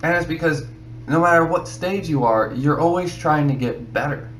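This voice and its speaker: A man's voice: a little high, normal speed, a bit bright, a little hiss or hum. Rambling man in an echoey room. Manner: rambling, repeats himself, many "you know"s. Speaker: artist giving advice. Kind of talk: casual advice talk to camera.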